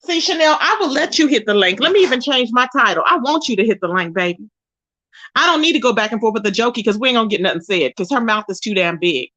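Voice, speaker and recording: A woman's voice: fairly high pitch, lively intonation, quick pace, pushed and bright. A woman hosting a casual livestream, reading chat aloud and roasting a rival in a sassy way, calling viewers baby and boo. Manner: drawls endearments like baby and boo. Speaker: livestream host.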